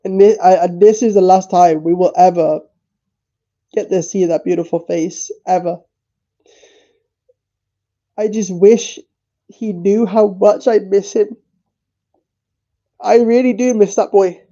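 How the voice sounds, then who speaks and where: A tearful man streaming, speaking haltingly with repeated words and swearing. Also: high-pitched, steady tone, warm tone, highs cut off. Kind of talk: emotional livestream talk.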